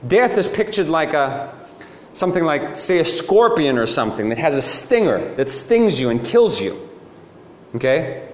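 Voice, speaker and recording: Lively preacher in an echoey hall. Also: male voice, a little high, normal speed, a little hiss or hum. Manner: animated storytelling, asks rhetorical questions. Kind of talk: sermon. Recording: echoey hall with faint ambience.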